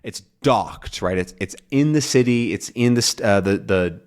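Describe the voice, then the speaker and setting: A young man teaching English, explaining a comic slowly and clearly, rephrasing as he goes. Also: on the low side. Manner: slow, clear, repeats and rephrases.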